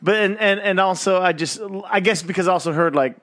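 A man co-hosting a podcast in casual chat, talking haltingly with many fillers and restarts. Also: high-pitched, a bit bright. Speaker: podcast co-host.

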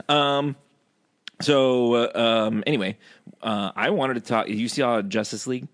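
A man's voice: medium pitch, measured pace, dry recording. Chatty male podcast host. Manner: chatty, laughs often. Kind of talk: casual chat.

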